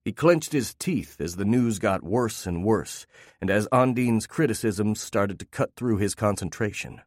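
A man narrating a fiction story in a measured, steady reading on a close mic. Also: on the low side, no echo.

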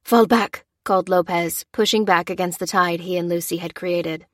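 A woman narrating a scripted story in a steady, even storytelling manner. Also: lowish voice, normal speed, no echo, studio quality. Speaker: audiobook narrator.

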